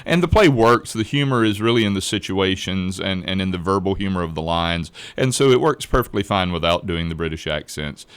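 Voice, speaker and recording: Man, low smooth voice, dry close sound, explaining calmly. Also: brisk, few pauses, no echo. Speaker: drama teacher and director. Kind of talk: radio interview.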